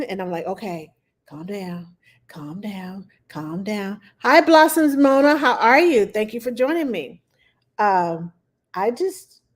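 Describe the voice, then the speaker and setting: A woman hosting a casual livestream as a nanny. She tells stories with animation and acts out what she was thinking back then. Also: medium pitch. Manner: animated storytelling, acts out her own past thoughts.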